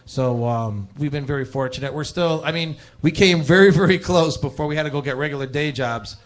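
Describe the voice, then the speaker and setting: Musician guy on a podcast, mid voice, talks quick, easygoing with lots of ums. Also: fairly high pitch. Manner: relaxed, chatty, filler-heavy. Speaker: band member guest. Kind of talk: casual interview storytelling.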